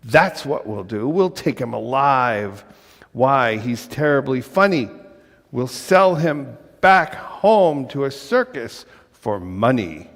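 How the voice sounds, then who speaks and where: A man reading a storybook aloud, voicing a band of excited, greedy male hunters. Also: medium pitch, takes it slowly, long reverb tail, full character voice.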